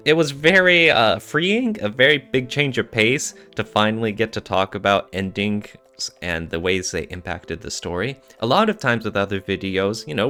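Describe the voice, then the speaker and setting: A man co-hosting a podcast in an upbeat, wordy way. His voice sits fairly low and swings up and down a lot, and faint music plays quietly behind him. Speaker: podcast co-host. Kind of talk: casual podcast chat.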